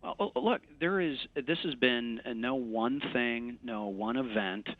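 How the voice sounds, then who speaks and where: A congressman giving a remote news interview, speaking haltingly with many fillers and restarts. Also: mid-range voice, dry recording, phone-quality sound. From West Michigan.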